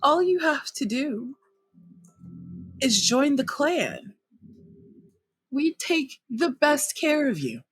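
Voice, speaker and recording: A woman's voice: high-pitched, sing-song, slow pace, long pauses, no room sound, soft background music, voice pushed up, exaggerated voice. A woman doing a sweet coaxing recruiter. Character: smooth-talking female recruiter over a comm link. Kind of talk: tabletop role-play voicing.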